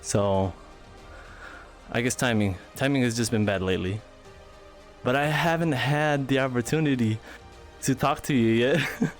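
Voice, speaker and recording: A young man livestreaming, dancing in VR while chatting to viewers, out of breath, giggly and animated. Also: medium pitch, unhurried, long pauses, faint music behind. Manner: chatty, giggly, animated, reads chat aloud. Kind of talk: casual live-stream chat.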